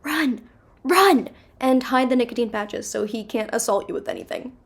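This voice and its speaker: A woman's voice: a little high, steady tone, fairly quick, vocal fry, a little mellow. A woman hosting a video, giving casual, chatty and sarcastic commentary on a TV episode. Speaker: video host.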